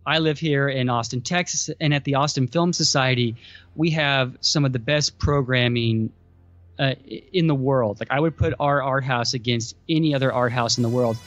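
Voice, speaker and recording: A man's voice: medium pitch, moderate pace, a bit bright, no room sound, dull audio. A man co-hosting a casual podcast, enthusiastic and upbeat as he recommends films. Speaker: podcast co-host. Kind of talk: casual chat.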